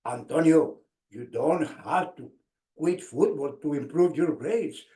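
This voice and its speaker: A man voicing his football coach giving calm, steady advice. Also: on the high side, measured pace, roomy sound, pitched below the performer's own voice, natural voice. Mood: calm, advising.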